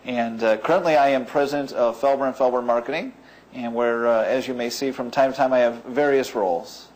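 A man's voice: mid-range voice, fairly even intonation, fairly quick, darkish tone, low-quality recording. A man in his fifties giving a wry, joking self-introduction. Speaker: marketing firm president.

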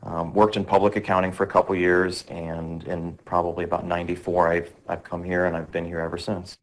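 A man from Ohio, a company president, introducing himself in a plain, steady way. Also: low voice, fairly quick. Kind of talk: self-introduction.

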